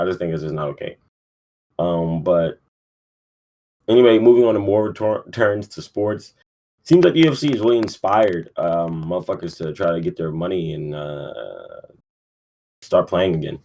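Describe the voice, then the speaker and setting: Man, low voice, rambling profane podcast chatter, sleepy, many ums. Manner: rambling, profane, lots of fillers. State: yawning, sleepy. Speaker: podcast host. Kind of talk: casual sports talk.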